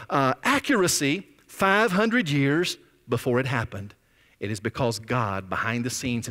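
A man's voice: mid-range voice, a bit bright. A man preaching a sermon as pastor, with dramatic rises and drops in volume. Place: church sanctuary. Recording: long reverb of a church sanctuary.

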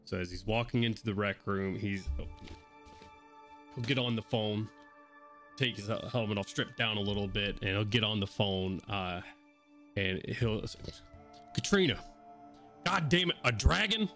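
A man's voice: fairly low pitch, fairly even intonation, moderate pace, long pauses, a bit bright, faint music behind. A man playing a tabletop game, narrating his character's actions wryly. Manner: wry, casual. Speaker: player.

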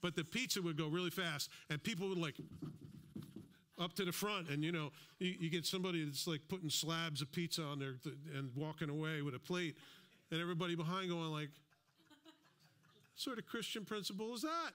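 A man preaching a sermon in a casual, conversational way, reading scripture slowly and acting out little everyday exchanges. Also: fairly high pitch, fairly even intonation, a bit bright. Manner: conversational, plays out little imagined dialogues; slows down to read scripture aloud. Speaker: pastor.

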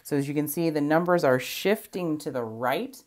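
A woman with a strikingly low voice teaches a recorded math lesson. She explains patiently and step by step, counting aloud as she goes. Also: moderate pace, a little mellow.

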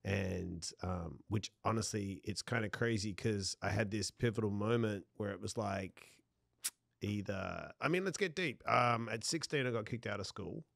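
A man from Australia whose accent mixes Australian and New York sounds, telling stories as a podcast guest in a casual, animated way. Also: on the low side, moderate pace, vocal fry, dry recording, studio quality. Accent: Australian with New York influence. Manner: animated storyteller, swears casually. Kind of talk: casual chat.

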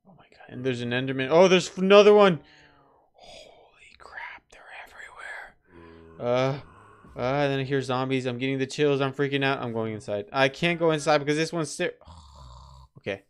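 A man commentating on his own survival game, chatty and easily startled, jumping into high yelps when danger shows up. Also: fast talker, smooth. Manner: chatty, excitable, breaks into high-pitched yelps. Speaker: gameplay let's player. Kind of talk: casual gameplay commentary.

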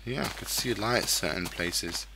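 A man's voice: fairly low pitch, moderate pace, gravelly, noisy background. A man giving casual commentary on his own game, swearing freely and venting when things go wrong. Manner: swears a lot, frustrated outbursts. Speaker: gaming YouTuber.

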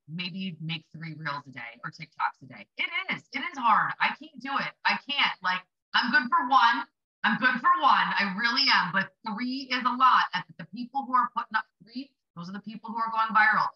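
Blunt, chatty woman with a very bright voice. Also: medium pitch, dull audio. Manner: blunt, chatty, swears for emphasis. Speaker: livestream host coaching small business sellers. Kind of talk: casual motivational live stream.

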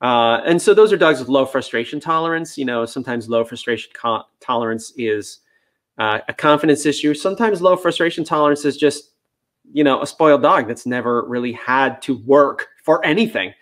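A man, a dog trainer, answering viewer questions in a relaxed, chatty live-stream style with many fillers. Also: mid-range voice, fairly quick.

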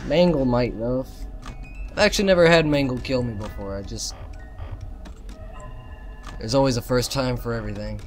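A man commentating a horror game while losing his voice, joking with the characters and yelping loudly at scares. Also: medium pitch, moderate pace, long pauses, soft background music. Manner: jokey banter with game characters, yelps and shouts at jump scares. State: losing his voice, a bit sick. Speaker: gameplay commentator.

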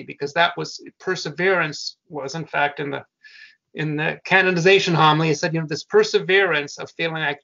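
An older man, a family business founder, talks as a guest in casual conversation, telling earnest stories and often restarting his sentences. His voice is on the high side, steady, brisk, bright and forceful with vocal fry, and the audio is muffled and lo-fi.

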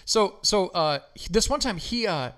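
A man's voice: high-pitched, very animated, normal speed, fairly bright tone. A man hosting a podcast, chatting casually and telling stories with lots of fillers and swearing. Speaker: podcast host. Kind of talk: casual chat.

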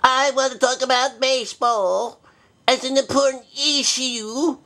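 A man's voice: steady tone, measured pace, pushed and bright, exaggerated voice. A man voicing a forgetful, cranky old male bear rabbi who hosts a puppet comedy show, bumbling and stubborn. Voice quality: high-pitched, bumbling and cranky. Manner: forgetful, stubborn, easily flustered. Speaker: show host.

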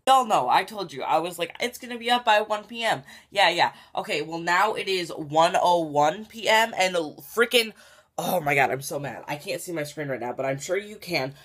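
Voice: mid-range voice, animated, moderate pace, fairly bright tone, slightly rough. A vlogger chatting casually at home into a handheld phone, rambling, giggling and often dropping to a whisper.

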